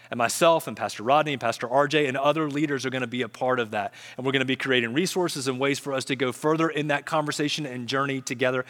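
A man's voice: mid-range voice, a bit bright, big-room sound. A man preaching a sermon as pastor, earnest, often repeating words as he builds up.

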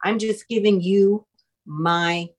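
A middle-aged woman hosting a podcast, chatting casually in an animated, easy-laughing way. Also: medium pitch, slow pace. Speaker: podcast host. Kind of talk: casual chat.

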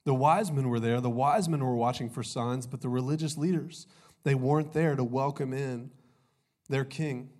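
A young pastor preaches in a loose, conversational way, throwing in "y'all" and small jokes. His voice is slightly rough from a cold, and he speaks into a stage mic. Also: medium pitch, steady tone, normal speed, a little mellow. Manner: conversational, jokey, says "y'all" often. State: recovering from a cold, voice a little off. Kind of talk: sermon.

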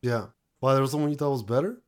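A man's voice: medium pitch, fast. Chatty man reviewing a movie. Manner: chatty, retells plots with fillers. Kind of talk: casual chat.

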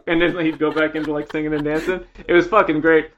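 Animated storyteller man, slightly high voice. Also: quick pace, hardly any pauses, highs cut off. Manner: animated storyteller, acts out friends' lines. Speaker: podcast co-host. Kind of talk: casual chat.

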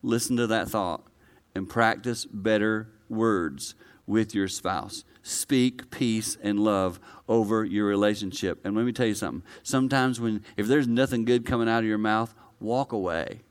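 A male pastor preaching a conversational sermon to a live congregation, swinging from quiet, low delivery to loud, high-pitched excitement. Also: normal speed, clean tone. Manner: conversational, personal preaching with direct address.

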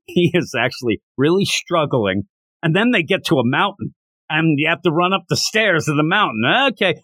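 Animated man recapping a comic. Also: dry recording. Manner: animated retelling, acting out lines in quick higher voices. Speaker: podcast host. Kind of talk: casual manga recap.

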